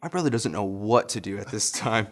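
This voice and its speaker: Low-voiced pastor telling a story, laughing. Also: male voice, a little fast. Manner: chuckles often while telling a story. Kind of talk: casual storytelling sermon.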